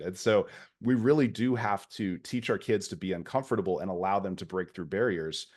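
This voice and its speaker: A man's voice: low-pitched, a little fast, a little mellow. A man talking as a podcast guest, explaining ideas at length in a casual conversation. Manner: explanatory, lecturing tone.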